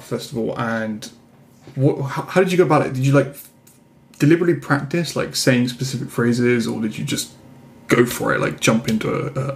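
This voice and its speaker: A man's voice: medium pitch, creaky. A man hosting a casual interview, laughing often and filling in with frequent agreement. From Britain. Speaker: interview host.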